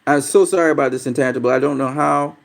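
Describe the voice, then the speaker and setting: A man with a gravelly, mid-range voice talks quickly while hosting a casual boxing livestream. Reading viewer comments, he's blunt and profane and gets irritated easily.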